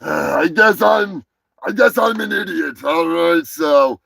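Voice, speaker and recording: A man's voice: on the high side, takes it slowly, vocal fry, a bit bright, dry recording. A man hosting a live comedy stream who rambles profanely and keeps correcting himself mid-sentence. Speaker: live show host.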